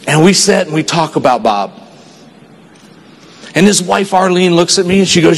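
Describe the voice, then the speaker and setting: A man from Texas giving an earnest motivational stage speech at a sales convention, telling a story and dropping his voice quiet for the sad parts. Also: a little high, lively intonation, moderate pace. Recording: long hall reverb.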